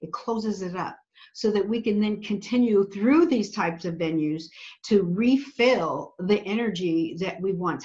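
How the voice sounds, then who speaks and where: A woman guest on a podcast giving earnest, preacherly advice, stressing her points by repeating phrases. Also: fairly low pitch. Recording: slightly dull lo-fi audio.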